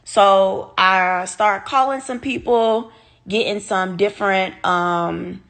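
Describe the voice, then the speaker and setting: A woman chatting straight to her viewers in a loose storytime vlog. She is animated and candid and swears freely. Her voice sits at an ordinary middle pitch for a woman. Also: slow. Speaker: vlogger telling a personal story. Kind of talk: casual storytime chat.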